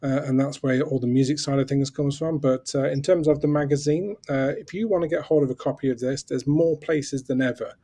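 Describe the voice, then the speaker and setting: A man with a mellow, warm voice, chatting as a guest on a video call. He promotes his magazine keenly and slips in dry jokes. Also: mid-range voice, fairly even intonation, fairly quick, few pauses. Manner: enthusiastic self-promotion with wry jokes. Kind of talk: casual live-stream chat.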